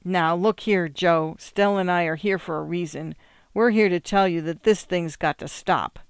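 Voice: medium pitch, moderate pace, smooth, dry recording, studio quality, natural voice. A reader voicing a blunt, disapproving woman scolding her brother in a storybook. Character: stern, disapproving woman, the man's sister.

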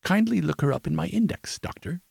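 Audiobook: narrator doing a languid, dry detective, husky and lively in pitch. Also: male voice, a little fast, dry recording, full character voice. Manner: dry and clipped, murmuring.

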